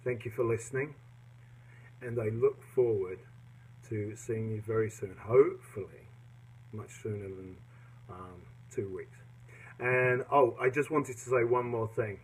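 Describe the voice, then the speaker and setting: Man, devotional talk host, earnest and reflective, lowish husky voice. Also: steady tone, unhurried, poor audio. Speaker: devotional podcaster.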